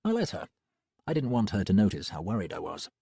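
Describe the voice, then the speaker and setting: A man reading an audiobook in a lively, wry first-person voice that swings widely in pitch. His tone is low, mellow and husky. The recording is dry and close. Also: quick pace, dry recording. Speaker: audiobook narrator. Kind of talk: scripted narration.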